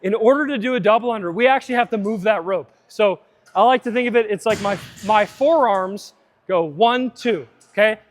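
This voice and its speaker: A man's voice: sits high, normal speed, faint music behind. A man coaching a live fitness seminar, upbeat and chatty, drifting into side tangents.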